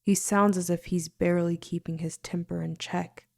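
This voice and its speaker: A woman reading a fantasy novel aloud in the first person, expressive, sometimes dropping to a near-whisper. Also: on the low side, normal speed, creaky, few pauses. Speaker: audiobook narrator.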